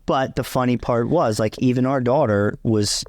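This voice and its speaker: A man in his thirties chatting casually with his wife, a wry, animated storyteller. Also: mid-range voice, moderate pace, dry recording, studio quality. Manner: wry, animated storyteller, self-described non-Disney person. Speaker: co-host, husband. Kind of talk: casual chat.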